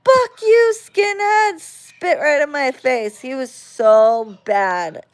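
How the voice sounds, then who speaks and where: A woman casually telling a story on a phone vlog, swearing freely and getting animated as she retells it. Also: mid-range voice, smooth. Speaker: vlogger.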